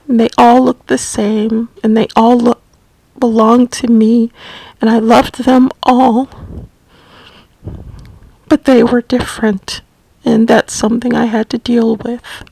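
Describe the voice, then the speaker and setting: A middle-aged woman telling a personal story about caring for her mother, slow and gently reflective. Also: fairly high pitch, dry recording, low-quality recording. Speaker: family caregiver recounting her mother's illness.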